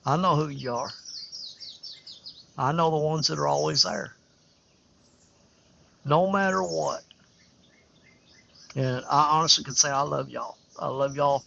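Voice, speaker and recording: On a riverbank, an older fishing livestream host rambles in a folksy, candid, casual chat. His voice runs on the high side, unhurried and creaky, pushed and bright, and he pauses often. The livestream audio is dull and lo-fi.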